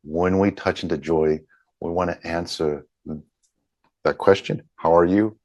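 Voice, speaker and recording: A man leading a group healing session over a video call, talking gently and haltingly with many pauses. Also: low voice, steady tone, no room sound.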